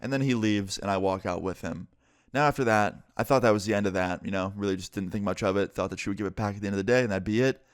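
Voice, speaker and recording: A man's voice: on the low side, fast, clean tone, dry recording, studio quality. Casual young man telling a story. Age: young adult. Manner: casual, swears freely. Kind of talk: story time vlog.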